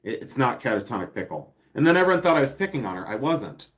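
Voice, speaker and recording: A man's voice: mid-range voice, very animated, fast, fairly bright tone. A man hosting a casual live stream while unboxing items, chatty and giggly, reading viewer comments aloud and repeating words for fun. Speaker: live-stream seller and host.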